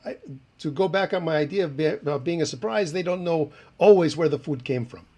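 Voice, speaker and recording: A man voicing a fake chef with a put-on French accent, talking in halting bursts with many hesitations. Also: fairly high pitch, mellow. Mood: sly. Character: fake French chef, middle-aged man, sly and smug. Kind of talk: improv comedy character.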